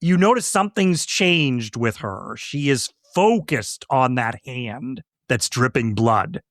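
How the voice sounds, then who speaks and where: A man co-hosting a podcast, recapping movie scenes in casual chat with expressive emphasis. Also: medium pitch, slow pace, no room sound. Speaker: podcast co-host.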